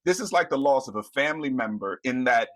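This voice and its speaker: A middle-aged man speaking as a guest on a live news panel, earnest and emotional, pausing and restarting as he searches for words. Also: mid-range voice, lively intonation, a bit bright. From United States.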